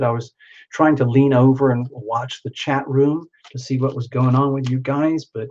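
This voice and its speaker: A man's voice: medium pitch, darkish tone, lo-fi sound, a little hiss or hum. A man hosting a live tarot reading, chatting and rambling as he reads out viewers' names.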